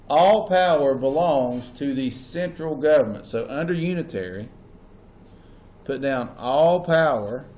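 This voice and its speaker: A man's voice: medium pitch, darkish tone. A man teaching a class, explaining step by step and often asking students whether they follow. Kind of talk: classroom lecture. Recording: echoey classroom with faint hum.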